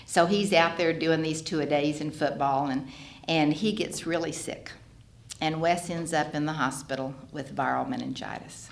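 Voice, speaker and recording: A woman's voice: low voice, moderate pace, vocal fry. A woman, speaking at a recovery fellowship gathering and telling her own story, acting out the voices of the people in it. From Texas. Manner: lively storyteller who acts out quoted dialogue. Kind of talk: personal storytelling talk. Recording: roomy hall recording with faint background noise.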